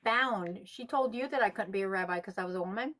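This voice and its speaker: A woman hosting a casual call-in show, ranting in a profane, animated way. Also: medium pitch, fast. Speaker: host.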